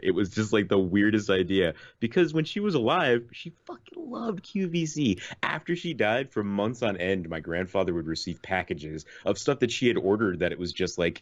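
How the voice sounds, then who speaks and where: A man's voice: deep voice, dry recording, highs cut off. A man co-hosting a podcast, casually telling a long story and laughing often. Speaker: podcast co-host. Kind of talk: casual chat.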